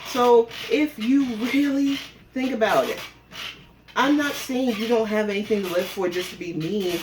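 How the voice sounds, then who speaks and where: A woman's voice: fairly high pitch, moderate pace, darkish tone, slight background noise. A woman vlogging from her home on a phone camera, talking while she rides an exercise bike and bluntly scolding a rival with plenty of profanity. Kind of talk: confrontational callout vlog.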